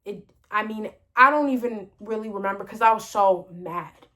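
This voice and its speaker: A woman's voice: mid-range voice, moderate pace, fairly bright tone. A woman telling a story in a casual vlog, rambling with lots of fillers and sounding exasperated. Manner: exasperated, venting retelling. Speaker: storyteller vlogger.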